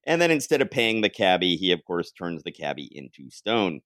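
A man with a low voice swings his pitch widely while he chats animatedly about comics. He laughs often, and the recording is dry and close. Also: sing-song, normal speed, fairly bright tone, dry recording. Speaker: podcast host. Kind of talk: casual chat.

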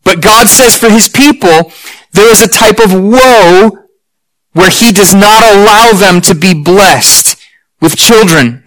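A man preaching a sermon to his congregation, earnest and emphatic, slowing down for weighty lines. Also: high voice, fairly bright tone, rough recording. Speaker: pastor.

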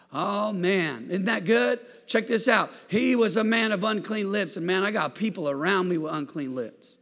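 A male pastor preaching a sermon in a church, building fervently into shouts and calling on the congregation to answer back. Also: sits high, gravelly. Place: church sanctuary. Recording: long hall reverb in a church.

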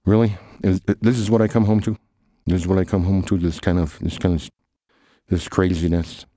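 A grumpy, sarcastic man voiced by a man scolds his lazy friends. His voice is extremely deep and dark. The sound is dry and close. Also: moderate pace, no room sound. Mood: exasperated.

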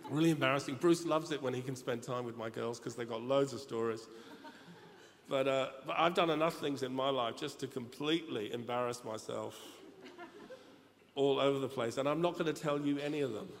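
A middle-aged man with a medium-pitched voice speaks a little fast, preaching a humorous, story-driven sermon in a large church. He jokes and chats directly with the congregation, and the reverberant hall carries faint room ambience along with slight background noise.

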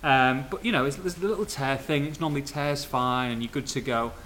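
A man hosting a casual football podcast, telling funny anecdotes in a lively way and laughing often. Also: medium pitch, brisk, very noisy. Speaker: podcast host.

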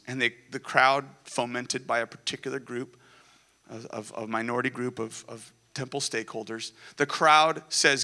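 A man's voice: medium pitch, fairly even intonation, normal speed, pushed and bright. A male pastor giving an Easter sermon to a congregation. He talks conversationally, asks the room questions, uses dry sarcastic humor, and grows emotional and urgent in personal stories. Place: church before a congregation.

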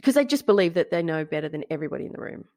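Animated woman podcast co-host. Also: on the low side, rapid-fire, dry recording, studio quality. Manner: animated, gleeful storytelling with swearing. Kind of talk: casual chat.

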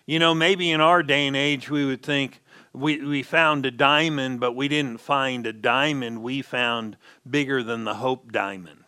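A man's voice: medium pitch, steady tone, unhurried, pushed and bright, clean tone. A man preaching a sermon as pastor, stressing key words and checking in with the congregation.

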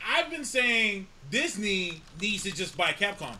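A man from the United States hosting a casual chat, loud and joking, laughing often and swearing freely. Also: sits high, very animated, measured pace, slight background noise. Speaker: host.

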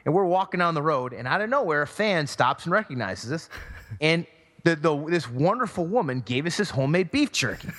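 Animated male storyteller in a reverberant room. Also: fairly high pitch, fairly quick. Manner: animated storyteller acting out quoted voices. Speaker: podcast co-host. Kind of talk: casual storytelling. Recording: long hall reverb.

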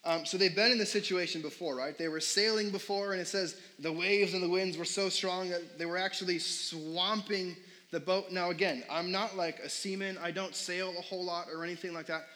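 A man's voice: high-pitched, steady tone, a little fast, bright, forceful tone, poor audio. A young adult man preaching a sermon as pastor in a casual, conversational way, full of fillers and questions put to the congregation.

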